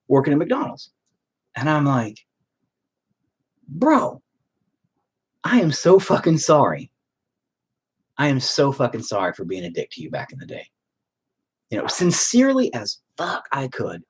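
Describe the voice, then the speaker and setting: Blunt, husky-voiced man ranting. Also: mid-range voice, darkish tone. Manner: blunt and heavily profane. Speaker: streamer painting on stream. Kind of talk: casual rant.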